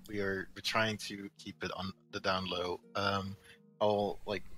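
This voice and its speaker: A man's voice: low-pitched, little pitch movement, a little slow, bright, forceful tone, poor audio. A man playing a tabletop game, talking casually and hesitantly with fillers. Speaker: player.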